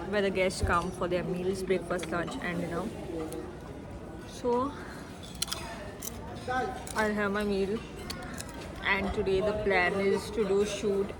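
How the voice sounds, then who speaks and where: A young woman, chatting excitedly to viewers in a casual travel vlog. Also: medium pitch. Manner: chatty and excitable, keeps addressing viewers as guys. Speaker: travel vlogger. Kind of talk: casual vlog talk to camera. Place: resort villa and restaurant in hot weather.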